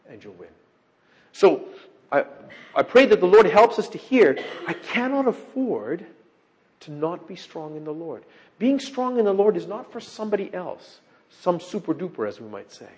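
A man preaching a sermon in an emphatic, swinging delivery. His voice sits fairly high for a man, and he moves from loud declarations down to quiet asides. He asks rhetorical questions again and again. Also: big pitch swings, normal speed, rough recording. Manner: emphatic, rising and dropping sharply in loudness, with repeated rhetorical questions.

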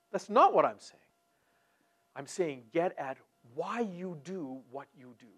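A man preaching a sermon, talking with great animation, swinging from hushed tones to loud and repeating words as he builds a point. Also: fairly high pitch, lively intonation, measured pace. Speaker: pastor.

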